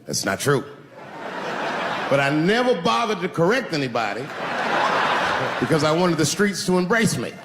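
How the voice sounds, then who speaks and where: A man in his forties doing a stand-up comedy set, telling stories and dropping his voice low for quoted lines. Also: sing-song, moderate pace, long pauses, very noisy. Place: large live venue. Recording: echoey large venue with loud ambience.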